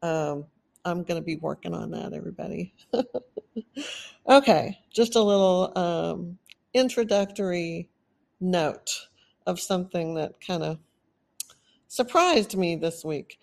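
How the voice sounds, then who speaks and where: A woman from Texas with a Texan accent, hosting a solo podcast and talking earnestly, stressing her points in drawn-out lists. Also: fairly low pitch, creaky, darkish tone. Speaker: podcast host.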